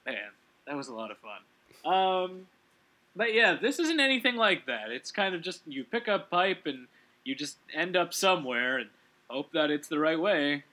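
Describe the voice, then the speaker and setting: A man hosting casual gaming commentary in a fairly high, bright voice. His pitch bounces all over as he rambles, restarts his thoughts and breaks into giggles. The tone stays loose and easygoing throughout. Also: sing-song, normal speed. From Canada. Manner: rambling, self-correcting, giggly. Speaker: let's play host.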